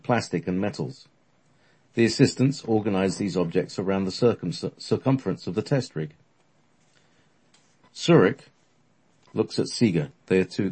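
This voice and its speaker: A man with a low, husky voice tells a story offhandedly. He rambles, stumbles over words, and fills gaps with ums and uhs. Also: a little mellow. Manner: rambling, with many fillers and restarts. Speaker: podcast storyteller. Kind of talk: casual storytelling chat.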